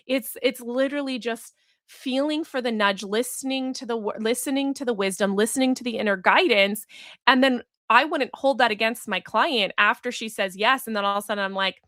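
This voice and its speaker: A woman's voice: fairly high pitch, a little fast, fairly bright tone, no echo. Earnest woman podcaster, dry close sound. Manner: earnest, reflective storytelling, acts out quoted voices. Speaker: podcast host and business coach. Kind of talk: solo podcast monologue.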